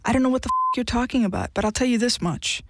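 A woman's voice: fairly high pitch, quick pace, noisy background, lightly acted. A woman voicing a blunt, defiant young woman, cutting and dismissive, in an audiobook reading. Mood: threatening. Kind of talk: audiobook character voice.

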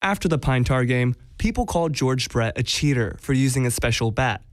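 A man's voice: mid-range voice, animated, fairly quick, dry recording. A man giving scripted radio story narration with a playful, teasing delivery. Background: music.

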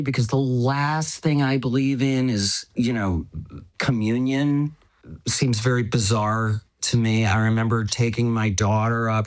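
A middle-aged man telling a personal story in a halting, reflective way, often stopping on "you know" and chuckling as he goes. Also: mid-range voice, dry recording. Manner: chuckles as he talks.

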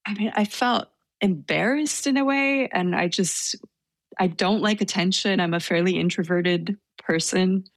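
A woman's voice: medium pitch, measured pace, no echo. A woman recounting a personal story in a casual interview, hesitant and self-deprecating, with frequent fillers and small laughs.

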